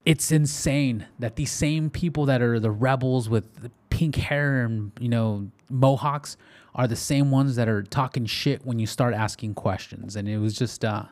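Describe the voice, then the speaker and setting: A man's voice: medium pitch, unhurried, darkish tone. Chatty man hosting a podcast. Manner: chatty, reads articles aloud and stumbles on words. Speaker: podcast host. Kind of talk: casual podcast monologue.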